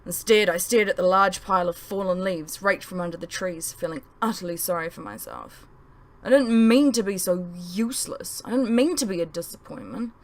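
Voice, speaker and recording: A woman's voice: lowish voice, normal speed. A woman author narrating her own novel as an audiobook. She tells it in the first person, leaning into the feelings of each line. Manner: expressive first-person storytelling.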